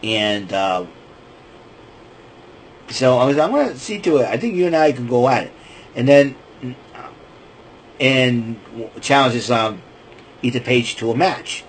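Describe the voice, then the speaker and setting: A man's voice: mid-range voice, animated, measured pace, long pauses, slight background noise, rough recording. A man hosting a podcast, casually retelling wrestling events in a loose, rambling way with lots of fillers and restarts. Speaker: podcast host.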